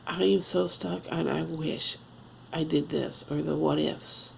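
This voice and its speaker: A woman in her fifties talking at home in a confessional vlog, halting and earnest, restarting often as she searches for words. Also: deep voice, fairly even intonation, vocal fry, a little mellow, slight background noise, rough recording. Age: 50s. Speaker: vlogger.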